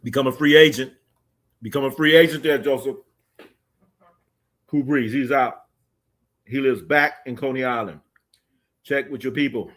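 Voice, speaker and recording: Male sports livestream host, casual and joking, reacting loudly to chat; mid-range voice. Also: medium pitch. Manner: loose, joking, animated bursts. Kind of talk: casual chat reading live comments.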